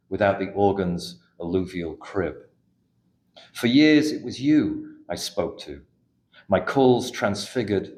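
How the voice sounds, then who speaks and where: A middle-aged man from England, a poet reading his poems in a café with an unhurried, measured delivery and hesitant spoken asides between them. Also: low voice, a little mellow. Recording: echoey room recording.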